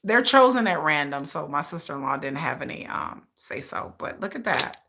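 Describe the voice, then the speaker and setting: A woman hosting a casual unboxing livestream, excitable and chatty, talking straight to her viewers and repeating herself. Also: sits low, moderate pace, gravelly. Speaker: livestream reaction host.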